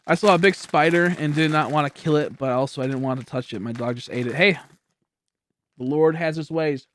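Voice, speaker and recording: A man's voice: a little high, animated, normal speed, a bit bright. A young man chatting casually with viewers on a live stream, rambling and laughing often.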